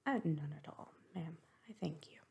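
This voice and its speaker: A woman voicing a reserved, formal gentleman colonel in a whispered role-play reading. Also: deep voice, moderate pace, gravelly. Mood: grave.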